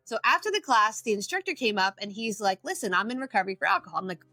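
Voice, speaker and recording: A woman's voice: on the high side, animated, quick pace, hardly any pauses, bright, forceful tone, no room sound, faint music behind. A middle-aged woman telling her story casually as a podcast guest, acting out quotes with animation. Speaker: guest, addiction coach.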